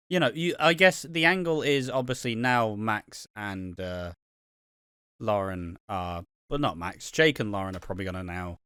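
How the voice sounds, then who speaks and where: A man's voice: lowish voice, bright, forceful tone, clear, resonant tone, dry recording, clean studio sound. A man co-hosting a podcast in casual chat, rambling through his points with lots of fillers and free swearing. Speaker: podcast co-host.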